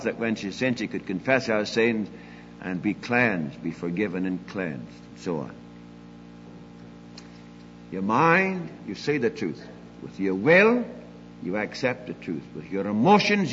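An older man preaching a sermon, emphatic, moving between loud declarations and quiet asides. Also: mid-range voice, in a large hall, lo-fi sound, slight background noise.

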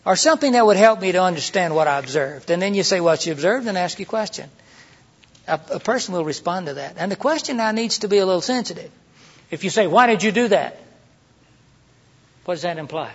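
A man's voice: high voice, lively intonation, fast talker, breathy edge. A middle-aged man preaching in a conversational way, asking rhetorical questions and acting out quoted lines. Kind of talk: sermon teaching. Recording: dull lo-fi sermon recording.

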